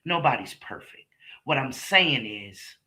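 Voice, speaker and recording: A woman with a very bright, piercing edge to her voice talks straight to her viewers. She is middle-aged, blunt and emphatic, and she swears freely as she tells her story. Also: extremely low pitch, lively intonation, unhurried. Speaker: streamer host. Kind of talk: casual monologue to viewers.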